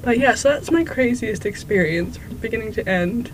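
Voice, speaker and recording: A woman's voice: on the high side, lively intonation, slight background noise, rough recording. A woman co-hosting a podcast in casual chat, dropping short, dry comments. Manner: dry, quick quips. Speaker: podcast co-host.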